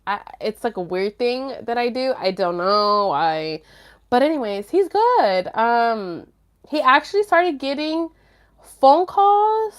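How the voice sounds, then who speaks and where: A young woman livestreams casual chat, answering viewers candidly in slangy speech packed with fillers and the occasional swear word, laughing nervously whenever she's flustered. Her voice is fairly high, sing-song, and unhurried.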